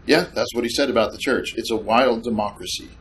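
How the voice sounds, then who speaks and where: A man's voice: mid-range voice, a little fast, a bit bright, slightly rough. A man preaching a sermon, emphatic and sarcastic, repeating points with questions to the congregation. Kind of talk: sermon with slides.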